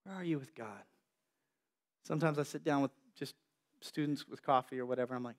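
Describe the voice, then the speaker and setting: A young man preaching a sermon as a youth pastor, animated and acting out quotes and voices. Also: on the high side, a little fast, long pauses.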